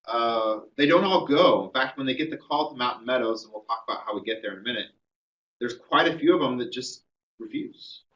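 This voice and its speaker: A man's voice: medium pitch, brisk, a bit bright, distant mic, dull audio. A man giving a classroom history lecture, telling the story conversationally with many ums and uhs.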